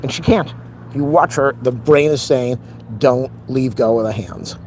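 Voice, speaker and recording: A man's voice: medium pitch, unhurried, darkish tone, slight background noise. A middle-aged man venting in a rambling, frustrated casual monologue on a live stream.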